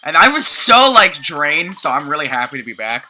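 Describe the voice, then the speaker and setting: A young woman with a deep, sharp-toned voice commentates a video game she's playing, just woken up and tired, at a moderate pace with big pitch swings. She's sleepy, chatty and self-mocking, often tripping over her words, a let's play commentator. Game music plays under her voice on a rough recording with a little hiss or hum.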